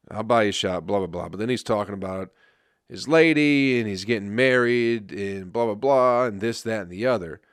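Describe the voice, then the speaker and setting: A man's voice: on the low side, no echo, clean studio sound. A man who is a comedian, telling rambling, profane stories on his podcast and laughing at them. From Flint, Michigan. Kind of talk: casual storytelling monologue.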